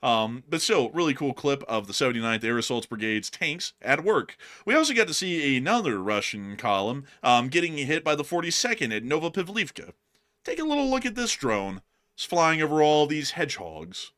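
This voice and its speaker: A man's voice: medium pitch, normal speed. A man co-hosting a casual news commentary stream, joking over war video clips and slipping into silly voices. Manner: animated, jokey, bursts into silly voices and laughs.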